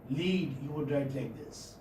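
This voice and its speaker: A man's voice: on the high side, a little slow. Man, Indian English accent, coaxing classroom lecture, repeats himself, roomy echo, faint background hiss. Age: middle-aged. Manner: repetitive, coaxing, checks with students often. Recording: echoey room, distant mic, faint noise.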